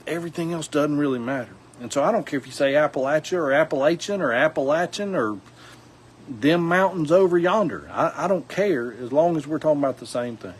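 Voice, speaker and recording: A man's voice: medium pitch, darkish tone, poor audio. A man with a Southern accent talks to his viewers in a loose, folksy ramble, stopping and restarting as he goes. His voice sits in a middling range. A faint outdoor background noise runs under his voice. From South Alabama. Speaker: outdoors vlogger. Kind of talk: casual talk to camera.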